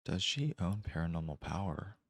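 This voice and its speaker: A man narrates a first-person short story in a very deep voice. He reads at a measured, deliberate pace with careful pauses, recorded close and dry. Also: very animated, no room sound. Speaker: amateur narrator.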